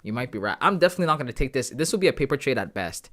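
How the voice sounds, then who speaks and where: A young man hosts a live trading stream in an easy, casual way. He thinks out loud and keeps talking straight to his chat, calling them guys and bro. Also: mid-range voice, big pitch swings, very fast. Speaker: trading livestream host.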